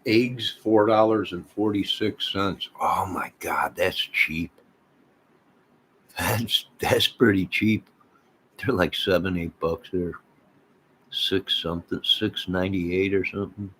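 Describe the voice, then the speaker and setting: A man's voice: low-pitched, slow pace, fairly bright tone, a little hiss or hum. An American man rambling casually as he chats with livestream viewers, reading their comments aloud and trailing off mid-thought. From United States. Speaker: livestream host chatting with viewers.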